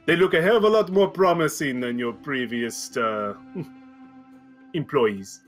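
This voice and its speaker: A man's voice: medium pitch, takes it slowly, faint music behind, lightly acted. A man voicing a boastful, wealthy male merchant prince who speaks in grand, formal phrases.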